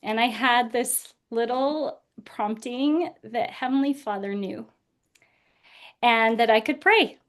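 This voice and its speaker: A woman's voice: fairly high pitch, slow pace. Earnest woman telling a personal story. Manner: earnest, laughs through painful memories. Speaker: guest speaker.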